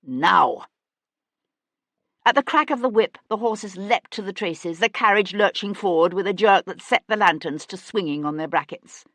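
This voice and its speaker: A woman narrating a historical mystery audiobook in a measured, even storytelling manner. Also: mid-range voice, no room sound. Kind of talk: scripted narration.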